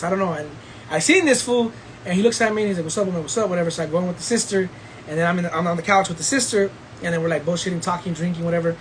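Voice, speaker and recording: A man's voice: high voice, a bit bright, a little hiss or hum, rough recording. A man hosting a podcast, telling a story in casual chat, full of slang and swearing and frequent laughter. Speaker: podcast host.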